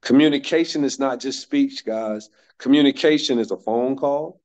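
A man's voice: mid-range voice, moderate pace, a little mellow. A man in his fifties from North Carolina gives a motivational workshop talk in a mid-range voice. He is emphatic and hammers his main points by saying them twice. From North Carolina, United States. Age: 50s. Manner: emphatic, repeats key phrases for stress. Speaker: workshop speaker.

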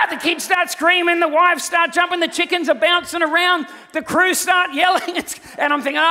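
A middle-aged man, preaching a sermon and telling a funny personal story, animated and often laughing. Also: extremely high pitch, moderate pace, few pauses. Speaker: pastor. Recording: long hall reverb from auditorium.

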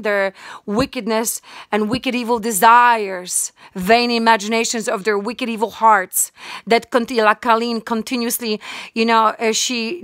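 A woman's voice: fairly high pitch, a bit bright, no echo, studio quality. A woman giving an impassioned religious sermon, fervent and emphatic, repeating her points. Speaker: online preacher.

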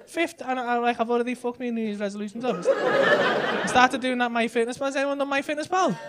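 A man's voice: extremely high pitch, steady tone, fast, heavy background noise. A man doing stand-up crowd work in a comedy club, teasing audience members with brash, sweary banter. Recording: live club set with loud audience laughter.

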